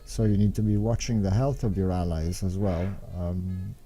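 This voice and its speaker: A man's voice: deep voice, fairly even intonation, moderate pace, dark tone, faint music behind. A young man giving unscripted, meandering strategy commentary over gameplay footage, thinking aloud as he explains. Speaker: game strategy guide maker.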